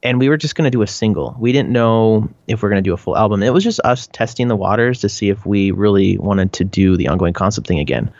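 A Canadian man talks through interview answers in a low, easygoing voice, full of fillers and restarts. The recording is dry and a bit muffled, with no room sound. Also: expressive, fast, few pauses, a little mellow, no room sound. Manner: rambling, frequent "like" and restarts, laughs often. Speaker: band member, interviewee.

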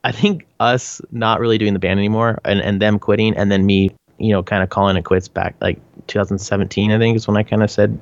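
A Canadian man talks through interview answers in a low, easygoing voice, full of fillers and restarts. The recording is dry and a bit muffled, with no room sound. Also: fast talker, no room sound. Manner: rambling, frequent "like" and restarts, laughs often. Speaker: band member, interviewee.

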